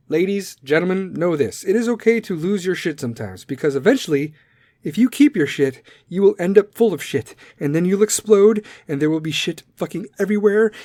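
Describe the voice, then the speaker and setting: A foul-mouthed man ranting straight at his listeners, blunt and combative, with a fairly high voice. His volume swings from loud to soft, and the recording is dry and close, with no room sound. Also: no room sound. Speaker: podcast segment host. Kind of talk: profane rant to listeners.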